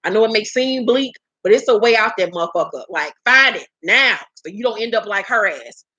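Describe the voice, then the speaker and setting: A woman's voice: medium pitch, animated, a little fast, pushed and bright, no echo, dull audio. A woman giving a casual, blunt, profane recap of a reality show episode in a chatty vlog.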